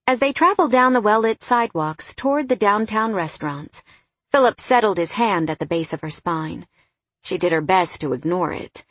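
A woman reading a novel aloud in an even, storytelling narration. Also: mid-range voice, normal speed, no echo. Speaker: audiobook narrator. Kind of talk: scripted narration.

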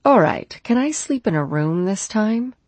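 A woman voicing a tired, kind female friend who speaks gently in an audiobook. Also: mid-range voice, big pitch swings, unhurried, no echo, pitched above the performer's own voice. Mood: gentle. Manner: soft-spoken, gentle.

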